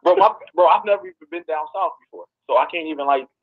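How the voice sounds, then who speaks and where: A man's voice: on the high side, quick pace, phone-quality sound. A man calling in to a show, talking brash and boastful in casual slang. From US West Coast. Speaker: caller. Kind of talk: casual call-in banter.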